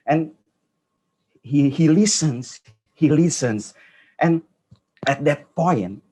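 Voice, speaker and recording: A man with an Indonesian accent telling an earnest personal story at a conference, halting and restarting often. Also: medium pitch, expressive, a little mellow, slightly rough. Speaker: conference speaker.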